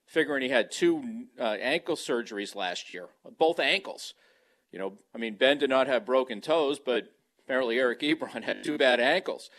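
A man's voice: medium pitch, a bit bright. Man, sports radio guest, rambling, restarts a lot, handheld mic at home. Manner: rambling, halting, many restarts. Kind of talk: casual sports talk over a remote mic. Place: at home, beside a kitchen. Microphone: handheld microphone.

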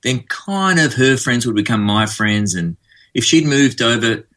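A man with an Australian accent, a former band bassist, chatting easily as an interview guest and rambling through stories with plenty of fillers. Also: animated, measured pace, pushed and bright. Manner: easygoing, rambling storyteller with fillers. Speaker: musician guest. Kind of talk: casual interview chat.

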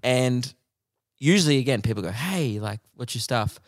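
A man, a comedian co-hosting a podcast, telling stories in a dry, deadpan way. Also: medium pitch, normal speed, no room sound. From Australia. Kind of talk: casual comedic chat.

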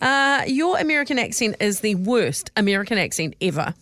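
A woman's voice: mid-range voice, sing-song, brisk. A woman co-hosting a podcast, teasing her partner in chatty banter. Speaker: podcast co-host. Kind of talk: casual banter.

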